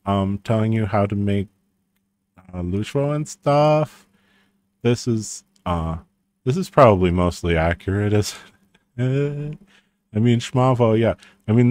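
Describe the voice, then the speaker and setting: Low-voiced man musing over a language book. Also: darkish tone, no room sound. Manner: rambling, many restarts and fillers, wry. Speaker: language commentator. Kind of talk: casual unscripted commentary reading through a book.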